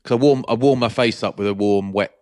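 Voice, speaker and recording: A man's voice: fairly low pitch, fast talker, dry recording. Chatty man, dry close sound. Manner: chatty storyteller, animated anecdotes. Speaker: podcast co-host. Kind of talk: casual chat.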